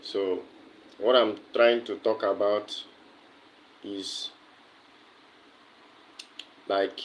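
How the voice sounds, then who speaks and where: Slow low-voiced Nigerian man livestreaming. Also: steady tone, slight background noise, rough recording. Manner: answers viewers' comments directly, many fillers and repetitions. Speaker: livestream host. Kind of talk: casual livestream chat.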